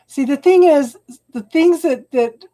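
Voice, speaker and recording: Warm-voiced woman giving a live tarot reading. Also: high voice. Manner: halting and repetitive, restarting phrases and calling viewers hun. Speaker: tarot reader. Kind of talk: live-stream tarot reading, talking to viewers.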